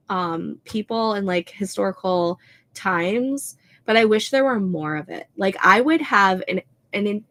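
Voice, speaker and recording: A young woman with a Minnesotan accent chats casually as a livestream host, leaning on "like" and "um". Her voice is mid-pitched with a gravelly, fry-tinged edge. She talks loosely and laughs often. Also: a bit bright. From American Midwest. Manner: chatty, many "like" and "um" fillers, laughs often. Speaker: livestream host reading chat. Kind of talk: casual chat.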